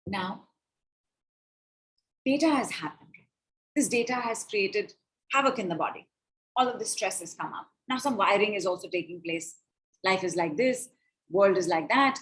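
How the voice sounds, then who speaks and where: A woman, leading a spiritual money coaching call, chanting affirmations and breath cues in slow repetitions. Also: medium pitch, animated, a bit bright. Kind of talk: guided affirmation session on a call.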